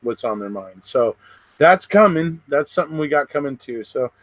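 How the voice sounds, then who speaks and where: A middle-aged man chats to his livestream viewers, rambling along and laughing between thoughts. His voice sits in an ordinary middle pitch. The sound is close and dry, with no room around it. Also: lively intonation, no echo. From West Coast of the United States. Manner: rambling, chatty, quick laughs between remarks. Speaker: livestream host. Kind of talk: casual livestream chat.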